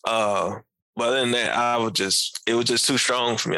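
A man in casual conversation reviewing an album, animated, laughing often and talking in loose slang. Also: mid-range voice, normal speed, no echo, low-quality recording. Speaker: podcast co-host. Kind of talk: casual music review chat.

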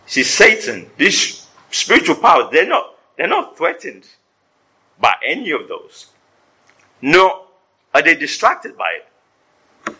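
Man preaching, high bright husky voice, animated sermon with wry jokes. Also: takes it slowly, long pauses, low-quality recording. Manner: animated preaching with humorous asides. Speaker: pastor. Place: church service before a congregation.

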